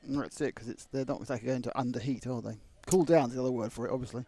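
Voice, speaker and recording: A man co-commentating on a race, talking fast in quick, joking banter. He keeps up light teasing asides between race updates. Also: medium pitch, steady tone, dark tone. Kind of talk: casual banter.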